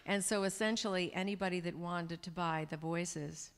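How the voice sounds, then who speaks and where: A woman's voice: on the low side, fairly even intonation, moderate pace. Give me a woman in her sixties telling chatty stories to an audience in a reverberant hall. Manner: chatty, warm storytelling with laughs. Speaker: guest speaker. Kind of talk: Q&A talk to an audience. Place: large event hall. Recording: hall reverb from a live event room.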